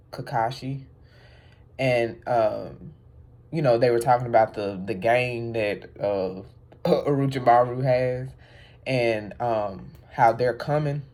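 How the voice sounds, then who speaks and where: A woman vlogger chatting casually about an anime, animated and rambling, with many fillers and laughs. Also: extremely low pitch. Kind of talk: casual chat.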